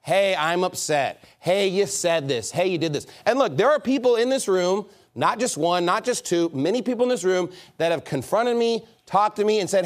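A pastor preaching a sermon in a church, conversational and lively, acting out little bits of dialogue. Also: male voice, high-pitched, moderate pace, few pauses. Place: church sanctuary.

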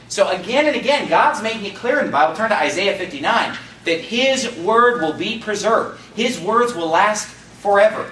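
Bright-voiced fervent preacher man, echoey church. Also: high-pitched, lively intonation, a little hiss or hum. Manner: preaching, fervent emphasis, reads scripture slowly. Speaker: pastor. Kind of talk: sermon. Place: church sanctuary. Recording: echoey church room, mic at a distance.

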